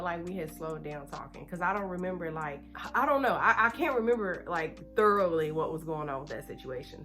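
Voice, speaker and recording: A young Texan beauty vlogger shares a personal story while applying her makeup. Her voice sits fairly low, and she chats animatedly, speeding up whenever nerves kick in.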